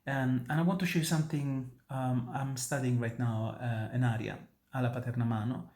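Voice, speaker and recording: Brisk and steady in tone, with medium pitch and a darkish quality, an Italian opera tenor and voice teacher explains an aria to students. He's a native Italian speaker with an Italian accent, earnest and emphatic, often restarting his sentences during this instructional talk on singing.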